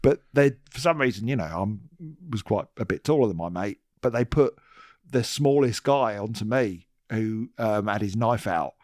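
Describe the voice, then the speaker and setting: A man's voice: on the low side, animated, normal speed, a little mellow, dry recording, studio quality. A man from Britain co-hosting a comedy podcast in laid-back casual chat, laughing often. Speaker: podcast co-host.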